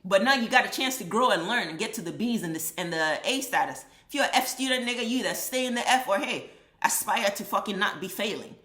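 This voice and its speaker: A woman's voice: medium pitch, animated, fast talker, a bit bright. A woman vlogger delivering an impassioned, blunt and profane opinion monologue. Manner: blunt, profane, emphatic ranting. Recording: echoey room.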